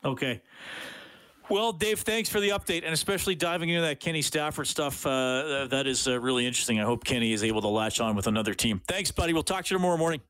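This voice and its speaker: Chatty sports radio host. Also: male voice, medium pitch, fast talker, a bit bright, clear, resonant tone, no echo. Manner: chatty, thinks aloud with restarts. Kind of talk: casual radio sports talk. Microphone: studio microphone.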